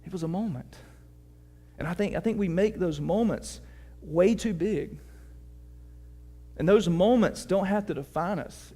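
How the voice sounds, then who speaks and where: High-voiced pastor preaching in a hall. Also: male voice, a little mellow. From United States. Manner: conversational storytelling, asks the congregation questions. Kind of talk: sermon. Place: church sanctuary. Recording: long reverb of a church hall.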